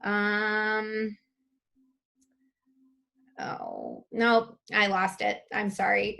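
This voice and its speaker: A woman's voice: mid-range voice, fairly bright tone. A woman presenting a live online spiritual masterclass, reading chat comments aloud and gushing over them with open emotion.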